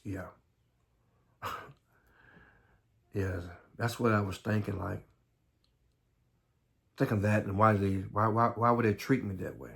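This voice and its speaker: Gravelly-voiced man from the American South, halting earnest life story, near tears. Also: lowish voice. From Southern United States. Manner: halting, repeats words, earnest. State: close to tears. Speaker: vlogger.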